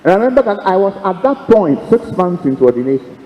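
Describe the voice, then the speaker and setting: A man's voice: high-pitched, sing-song, fast. A man, a priest, giving a retreat talk with humor, acting out the dialogues he tells and chuckling along the way. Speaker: priest preaching a retreat conference. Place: seminary hall. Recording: echoey hall, dull lo-fi sound.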